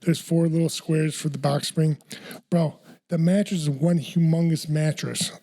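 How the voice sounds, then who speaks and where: A man co-hosting a podcast, swapping stories in loose, casual chat. His voice is slightly high for a man but soft and mellow in tone. He rambles, circles back on his words and swears freely. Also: fairly even intonation, measured pace. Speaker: podcast co-host.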